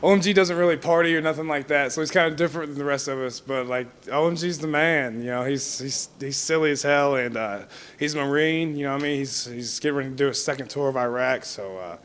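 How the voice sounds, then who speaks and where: A man's voice: mid-range voice, fast, fairly bright tone, smooth. A young man in a casual interview, rambling through stories with lots of fillers and frequent laughter. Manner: rambling, heavy on fillers like "you know what I mean"; laughs often while telling stories. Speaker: wrestler being interviewed.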